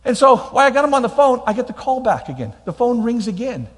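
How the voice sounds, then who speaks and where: Middle-aged guy preaching, husky and kinda high, pitch jumping all over, big echoey church. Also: sing-song, fast. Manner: emphatic, repeats key lines, frequent restarts. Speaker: pastor. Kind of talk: sermon with personal storytelling. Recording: long reverb of a large hall.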